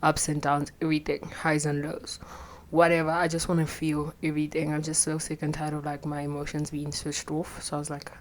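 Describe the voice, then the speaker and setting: A woman's voice: low voice, completely flat delivery, brisk, a little hiss or hum. A young woman, talking bluntly and profanely in a rambling confessional vlog, her voice a little shaky with anxiety. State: anxious, voice shaky. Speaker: vlogger.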